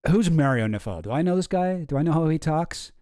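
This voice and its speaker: Animated sarcastic male streamer. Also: fairly high pitch, brisk, clear, resonant tone, no echo, studio quality. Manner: sarcastic, swearing, animated asides. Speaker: streamer host. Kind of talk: casual commentary reading news posts.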